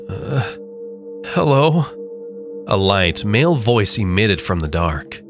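A male horror narrator with a low, expressive voice. He reads slowly and dramatically, leaning into the dread. Faint music hums under his reading. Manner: slow, dramatic delivery.

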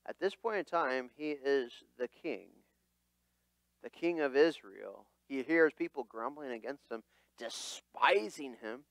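Animated, lively-voiced male pastor preaching. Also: mid-range voice, takes it slowly, vocal fry, dry recording. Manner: animated, dramatic voicing of quotes. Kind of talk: sermon. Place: church.

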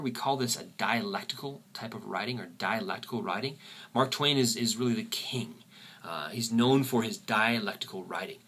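A man teaching a literature lesson, often pausing and repeating words as he thinks. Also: mid-range voice, pushed and bright, breathy edge. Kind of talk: recorded lecture.

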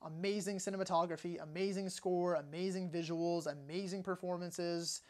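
A young man talking casually and enthusiastically through his movie collection, tossing out quick opinions and asides. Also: sits high, fairly even intonation, darkish tone. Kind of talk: casual home video walkthrough.

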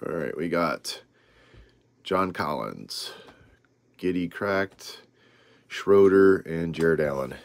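Low-voiced man opening card packs. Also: expressive, slow, creaky, pauses often, a little hiss or hum. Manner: rambling, reads names off cards with asides. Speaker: trading card channel host. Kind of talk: casual card-opening vlog.

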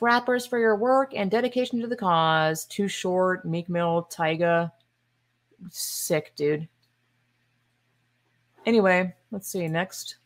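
A woman hosting a podcast, delivering a casual commentary monologue in a sarcastic, exasperated and emphatic way, with scoffing asides. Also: on the low side. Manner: opinionated and emphatic. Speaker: podcast host.

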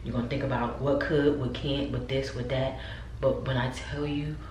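A woman's voice: a bass voice, steady tone, normal speed, a little mellow. Chatty woman vlogging in an echoey room. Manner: chatty, talks straight to viewers. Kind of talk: casual chat to viewers. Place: upstairs room at home. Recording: roomy echo, mic at a distance, faint background noise.

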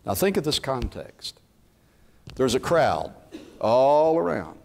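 A man's creaky, medium-pitched voice moves at a slow pace as he preaches. The pastor animates his sermon by acting out what figures from the Bible might have said.

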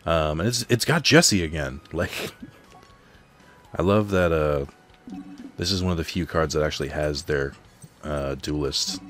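Man with an extremely low voice, rambling gameplay commentary, reads card text aloud, faint game music behind. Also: measured pace, long pauses, a bit bright. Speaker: let's play host. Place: home apartment.

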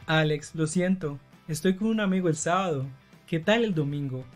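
An actor playing a friendly young man making weekend plans in a scripted beginner dialogue, speaking politely and clearly. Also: on the high side, a little fast, faint music behind, natural voice. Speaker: actor in a story sketch.

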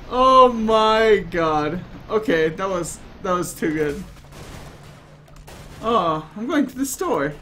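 Male let's player: unhurried, goofy, very animated pitch and quick to break into laughter. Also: soft background music. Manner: playful, excitable, bursts into laughter. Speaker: gaming YouTuber. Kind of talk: let's play gameplay commentary.

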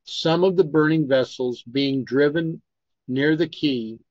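A man's voice: on the high side, a little slow, no room sound, lo-fi sound. A man reading a history text aloud in a Bible study and stopping to remark on pronunciation. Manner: steady reading, stops to comment on pronunciation.

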